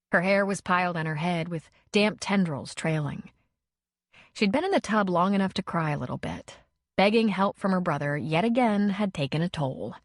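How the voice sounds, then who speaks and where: Clean studio audio with no echo captures a woman whose voice is on the low side as she reads an audiobook with measured, expressive storytelling.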